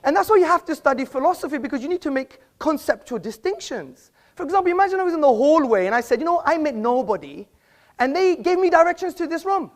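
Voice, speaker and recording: A man's voice: very high-pitched, expressive, quick pace, hardly any pauses. Combative man in a formal debate. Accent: British. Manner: combative, pointed, quotes sources at length. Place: auditorium with an audience.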